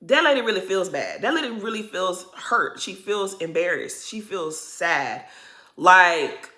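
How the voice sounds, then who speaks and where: A woman's voice: on the low side, expressive, unhurried, bright, forceful tone. A woman giving a casual, blunt recap of a reality TV episode, swearing freely and full of slang. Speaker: recap host.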